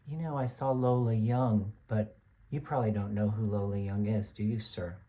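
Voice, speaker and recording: A man's voice: on the low side, steady tone, normal speed, mellow, close to an everyday voice. A man doing a smug young male student. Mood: smug teasing.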